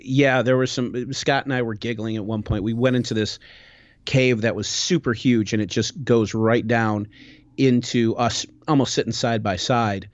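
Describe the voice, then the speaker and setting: A man's voice: medium pitch, moderate pace, dry recording. Rambling man telling a travel story. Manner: animated, rambling with many restarts. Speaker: podcast host. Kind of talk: casual storytelling chat. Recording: dull, dry lo-fi recording.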